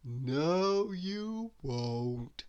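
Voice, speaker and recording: A man voicing a sleepy, easygoing storybook character who drawls slowly. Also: fairly high pitch, lively intonation, darkish tone, clean tone, highs cut off. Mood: relaxed drawl. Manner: slow, drowsy drawl.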